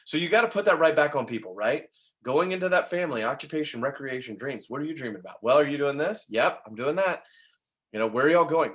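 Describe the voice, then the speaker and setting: A man giving an energetic real estate sales training talk, tossing in tag questions and quick laughs as he goes. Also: mid-range voice. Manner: energetic, acts out dialogue in quick asides.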